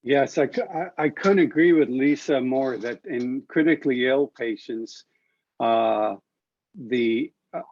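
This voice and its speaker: A man's voice: medium pitch, measured pace, darkish tone, no room sound, highs cut off. A man who is an airway expert, explaining his approach on a medical panel in an earnest way with hesitant uhs.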